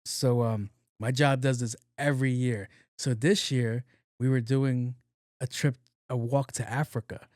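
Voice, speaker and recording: A man's voice: mid-range voice, fairly even intonation, a little slow, darkish tone, no room sound, clean studio sound. A man hosting a podcast, telling a workplace story in a casual, profane, joking way and acting out the dialogue. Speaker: podcast host.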